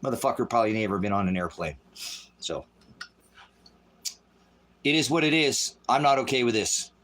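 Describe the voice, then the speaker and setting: A middle-aged man preaching in an angry, profane livestream style, voice swinging loud. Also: medium pitch, expressive, normal speed. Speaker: street preacher.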